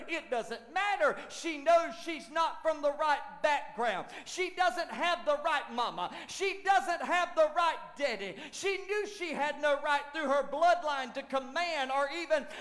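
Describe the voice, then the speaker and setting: Male pastor, very high voice, animated preaching from shouts to hushed lines, long hall echo. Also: a little slow, hardly any pauses. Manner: animated preaching, shouting at peaks and dropping to near whispers. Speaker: lead pastor. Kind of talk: sermon. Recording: long church hall reverb.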